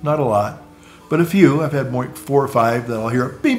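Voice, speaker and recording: A man of middle pitch talks through a casual vlog monologue, stopping and restarting his sentences and tossing in asides. He chuckles at his own jokes, and faint music plays behind him. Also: a little mellow. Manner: halting, frequent restarts and asides. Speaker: vlogger.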